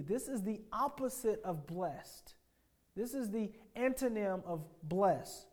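A man, a pastor, preaching a sermon emphatically, asking his congregation rhetorical questions and swinging between hushed phrases and forceful declarations. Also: high voice, animated, slow pace.

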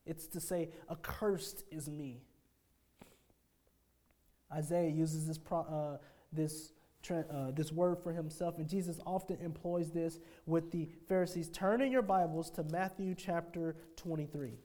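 A man delivering a sermon as pastor, with a mellow, darker tone. He moves from quiet, low phrases to strong, emphatic declarations and keeps asking the congregation questions. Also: steady tone, normal speed. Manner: swings between hushed phrases and forceful declarations.

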